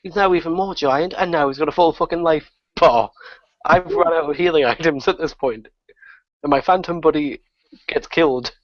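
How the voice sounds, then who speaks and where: A man, a guest on a gaming podcast, telling a story in a profane, excitable way and laughing often. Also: a little high, normal speed, dry recording. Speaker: guest gamer. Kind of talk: casual podcast chat. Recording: dull lo-fi podcast audio.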